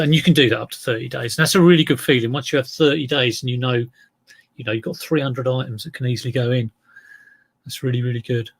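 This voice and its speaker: A man's voice: medium pitch, fast talker, creaky. A middle-aged man chatting casually on a live stream as an eBay reseller, rambling and greeting viewers by name.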